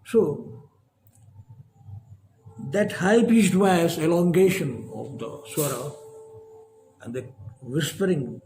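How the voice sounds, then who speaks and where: A man giving a lecture as a professor, measured and emphatic, with long pauses. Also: on the high side, darkish tone, a little hiss or hum.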